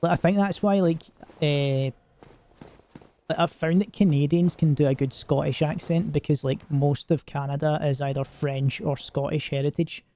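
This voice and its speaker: A male game streamer chats loosely as he plays, wandering off into jokes and padding his talk with fillers. His voice sits a little high but sounds soft and mellow. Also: fairly even intonation, moderate pace. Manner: rambling and joking, lots of filler words. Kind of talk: casual gaming stream commentary.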